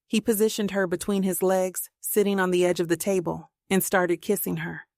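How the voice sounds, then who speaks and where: Gravelly-voiced woman narrating. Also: on the low side, flat delivery, moderate pace, darkish tone, no room sound, studio quality. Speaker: audiobook narrator. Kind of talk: scripted narration.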